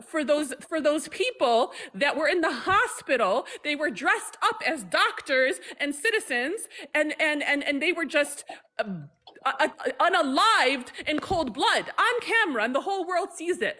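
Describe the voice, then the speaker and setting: Bright-voiced angry woman, impassioned. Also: high voice, expressive, normal speed. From Palestinian. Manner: angry, emphatic, stumbling repetitions. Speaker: livestream guest. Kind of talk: impassioned casual talk.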